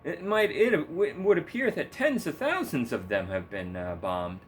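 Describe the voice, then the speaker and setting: A man's voice: on the high side, animated, normal speed. Sarcastic, swearing young guy ranting. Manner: sarcastic, profane, rambling, laughs often. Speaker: gaming streamer. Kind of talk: casual political rant while gaming.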